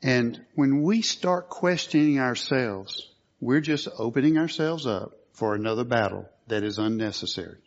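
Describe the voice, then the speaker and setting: Brief: preacher, man, mid-pitched, earnest sermon, muffled lo-fi sound. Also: expressive, moderate pace. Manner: earnest, rising to forceful emphasis. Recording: dull lo-fi recording.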